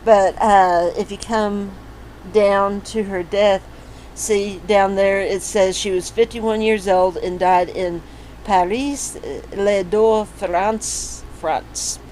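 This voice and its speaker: A woman's voice: mid-range voice, fairly even intonation, slow, a little mellow, slight background noise, poor audio. A woman casually walking through family history records on screen, rambling with lots of fillers and restarts. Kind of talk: casual screen-share walkthrough.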